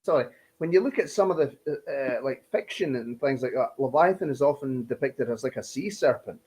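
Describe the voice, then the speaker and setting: A man's voice: medium pitch, expressive, fairly quick, a little mellow. A man chatting casually on a livestream, teasing and sarcastic with the others. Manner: teasing, sarcastic back-and-forth.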